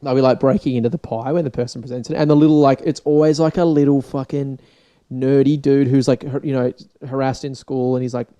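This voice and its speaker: A man's voice: medium pitch, fairly even intonation, brisk, dark tone, dull audio. A young Australian man hosting a podcast, rambling and swearing in a casual solo rant, his voice sore and dried out. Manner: rambling, sweary, restarts often. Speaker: podcast host.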